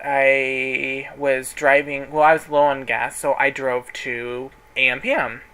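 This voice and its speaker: A man's voice: a little high, bright, forceful tone, rough recording. A man telling a story in a casual vlog, chatty and sassy, dramatically quoting people while folding clothes at home. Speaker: vlogger. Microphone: camera in front of him.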